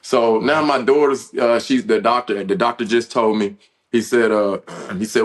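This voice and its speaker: A man in his thirties, a former football player, telling an emotional personal story as a podcast guest, earnest and halting, with restarts and fillers. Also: medium pitch, steady tone.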